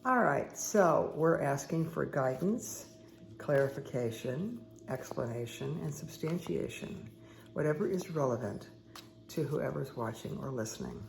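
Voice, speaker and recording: Croaky woman chatting with viewers. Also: rumbling low, lively intonation, measured pace, darkish tone, soft background music. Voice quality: croaky, dry throat. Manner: rambling, friendly asides to the audience. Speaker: meditation and tarot host. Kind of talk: casual chatty talk to viewers.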